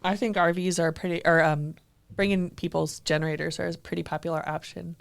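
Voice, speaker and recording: A woman's voice: fairly low pitch, level tone, brisk, gravelly, no room sound. A young woman co-hosting a podcast in casual, chatty talk, often laughing. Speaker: podcast co-host. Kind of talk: casual chat.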